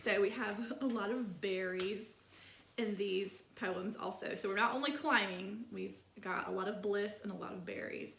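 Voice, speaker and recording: A woman's voice: medium pitch, normal speed, gravelly, roomy sound, slight background noise. A woman hosting a poetry channel, talking through poems in a casual, chatty way, full of "like" fillers. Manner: chatty, many "like" fillers, soft laughs.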